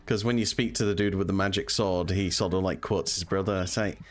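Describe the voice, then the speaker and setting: Low-voiced man commentating his game. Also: fairly quick. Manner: relaxed, rambling, with frequent ums and uhs. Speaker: speedrunner streamer. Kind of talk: casual gameplay commentary. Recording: voice over game music.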